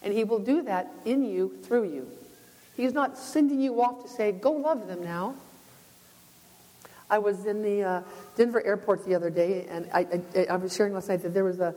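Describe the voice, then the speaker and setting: A woman shares a testimony in a conversational sermon, telling her own story earnestly and restarting often. Her mid-range voice has a dark tone and moderate pace, and the recording carries long hall reverb.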